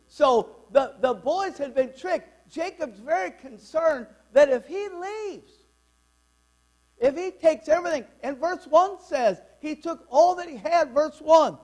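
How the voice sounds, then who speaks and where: A man's voice: extremely high pitch, lively intonation, slow pace, a little mellow. A man in his sixties preaching a fervent, worked-up sermon in church. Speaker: pastor.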